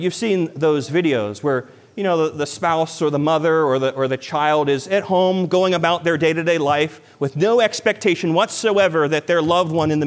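A man preaching a sermon as a pastor, earnest and building to emphatic peaks. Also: mid-range voice. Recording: long hall reverb.

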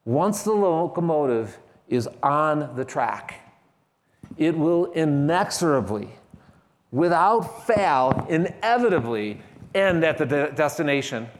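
A man's voice: on the high side, very animated, slow pace, long reverb tail, slight background noise. A man preaching a sermon, emphatic and repeating key phrases with shifting stress. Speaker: pastor.

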